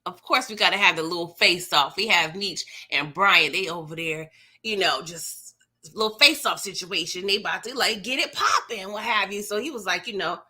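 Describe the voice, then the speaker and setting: A woman's voice: lowish voice, moderate pace, bright, forceful tone, slightly rough. A young adult woman hosting a live TV recap stream, chatting casually and expressively with slang and frequent laughter while she reads out viewer comments.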